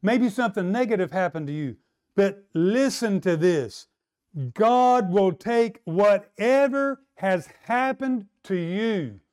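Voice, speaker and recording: A man delivering a sermon in a somewhat high voice. He builds up to a higher, louder pitch when stressing a point and draws out his key lines slowly. He acts out what people might say and keeps asking his listeners for replies. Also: clean tone. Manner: acts out quoted voices and asks the crowd for replies. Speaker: pastor.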